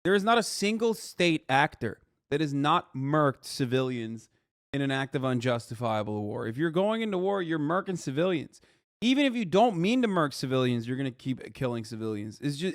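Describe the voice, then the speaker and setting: A man in his thirties streaming live reaction commentary, ranting and swearing, jumping between loud outbursts and low mutters. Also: expressive, moderate pace, dry recording, clean studio sound. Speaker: streamer reacting to a news video.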